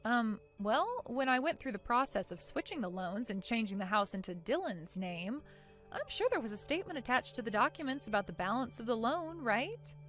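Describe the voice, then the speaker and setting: A woman's voice: fairly high pitch, big pitch swings, normal speed. A woman playing a cool, mocking young wife. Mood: matter-of-fact. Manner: soft, cool, sarcastic. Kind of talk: animated story voice acting. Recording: faint music underneath.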